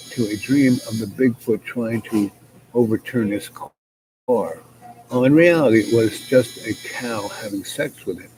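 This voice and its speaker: A man's voice: medium pitch, a little mellow, rough recording. A man telling a rambling, wry bedtime-style story as the storyteller, over a noticeable hiss.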